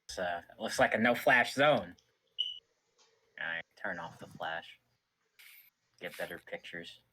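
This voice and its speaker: A man playing a tabletop game, making soft, wry in-character remarks. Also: deep voice, slow pace, a little hiss or hum. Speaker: player.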